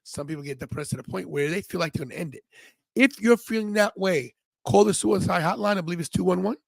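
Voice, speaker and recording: Gravelly excitable man, podcast co-host. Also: high-pitched, fast, dry recording. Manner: loud, excitable, jumps in over his co-host. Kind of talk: casual watch-along chat.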